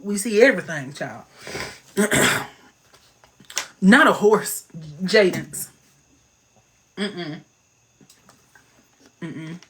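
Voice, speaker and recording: A man hosting a casual livestream chat, playful and slangy, talking into his phone with quick asides. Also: sits high, slightly rough. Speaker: livestream host.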